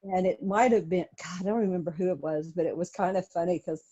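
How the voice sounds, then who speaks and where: A woman's voice: fairly low pitch, fast, warm tone, highs cut off. A middle-aged woman, a true crime author, telling stories in a casual interview and laughing often.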